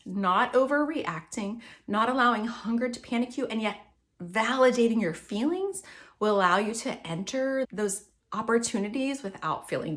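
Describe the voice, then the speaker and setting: A woman hosting a faith-based wellness podcast, coaching listeners and acting out anxious and calm self-talk. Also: medium pitch. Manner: warm coaching tone, acts out inner self-talk. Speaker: podcast host.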